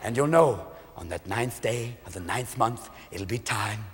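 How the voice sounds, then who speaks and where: A man performing stand-up comedy in a manic, shouting delivery, jumping between voices. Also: fairly low pitch, lively intonation. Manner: manic, shouting, quick voice switches. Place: large live venue. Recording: echoey hall with loud crowd laughter.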